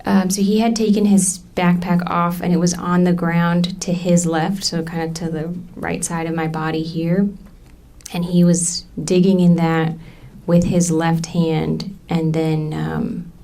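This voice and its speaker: A woman in her thirties testifying in a courtroom, halting and full of ums as she recounts what happened. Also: lowish voice, flat delivery, gravelly, warm tone. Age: 30s. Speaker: trial witness.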